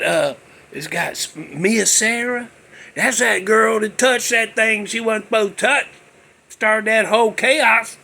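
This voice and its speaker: A man hosts a loose, rambling chat about a film, drifting between thoughts and letting out sudden excited whoops. His voice sits high for a man and has a gravelly fry and a husky, raspy edge. He takes his time, talking slowly. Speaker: host. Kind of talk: casual rambling movie chat.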